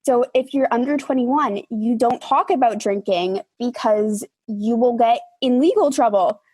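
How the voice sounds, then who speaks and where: A teenage girl from the United States talks in a relaxed, laid-back way, filling her speech with "like". Her voice is a little high and breathy. It sounds dry and close to the mic. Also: measured pace, no room sound, low-quality recording. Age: teens. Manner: laid-back, many likes. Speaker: podcast co-host. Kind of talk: casual chat.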